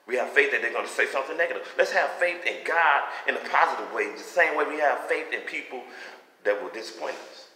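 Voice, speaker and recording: A man's voice: medium pitch, lively intonation, fast talker, pushed and bright, slight background noise. A man giving a personal faith testimony in a fervent, rambling, conversational preaching manner. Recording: echoey room with long reverb.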